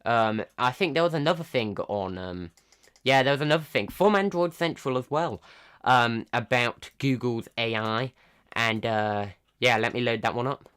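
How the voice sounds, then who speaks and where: A man hosting a live tech news roundup in a casual, halting way, full of pauses, ums and restarts. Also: medium pitch, a bit bright, clean tone. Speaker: tech news livestream host.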